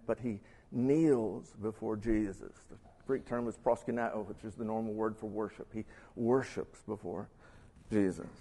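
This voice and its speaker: A man's voice: medium pitch, a little mellow. A man giving a sermon-style Bible lesson, reading scripture aloud and adding his own asides. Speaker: pastor or Bible teacher. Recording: long hall reverb.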